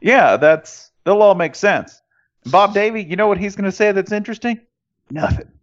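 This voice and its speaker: A man's voice: high voice, animated, normal speed. A man co-hosting a casual sports podcast, riffing with dry sarcasm. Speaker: podcast co-host. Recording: dull lo-fi recording.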